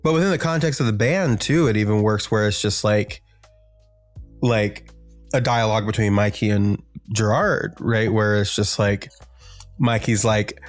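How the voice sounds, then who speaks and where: A man's voice: on the low side, a little slow, dry recording, faint music behind. A man co-hosting a podcast, chatting casually about an album with many fillers and bursts of sung lyrics. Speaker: podcast co-host. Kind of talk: casual music discussion.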